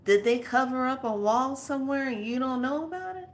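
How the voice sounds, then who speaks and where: A woman and spiritual teacher telling a story in casual, animated, slangy talk. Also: sits high, a little fast. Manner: animated, slangy, acts out voices.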